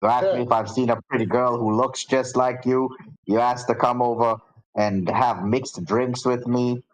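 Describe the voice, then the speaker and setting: A man's voice: medium pitch, steady tone, moderate pace, rough recording. A man running a tabletop game as dungeon master, narrating casually with lots of ums and restarts.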